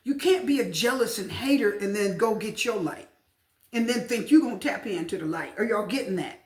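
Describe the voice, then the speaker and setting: A woman's voice: mid-range voice, lively intonation, a little fast, reverberant. A woman giving a casual tarot reading to camera, emphatic and chatty, repeating her points to the viewers. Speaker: tarot reader.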